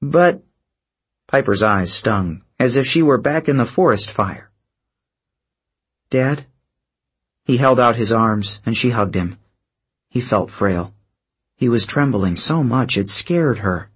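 A man narrating an audiobook chapter in a steady, measured manner. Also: mid-range voice, slightly rough. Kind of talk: scripted narration.

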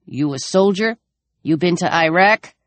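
A man's voice: sits high, animated, a little slow, fairly bright tone, no room sound. A woman voicing a weary, conflicted older man who speaks in a subdued, hesitant way. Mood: uneasy.

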